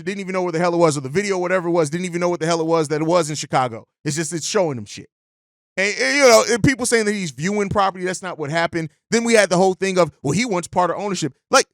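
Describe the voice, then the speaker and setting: High-voiced, profane podcast host. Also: male voice, a bit bright, no room sound, studio quality. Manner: blunt, profane, fired up. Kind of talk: casual sports podcast rant.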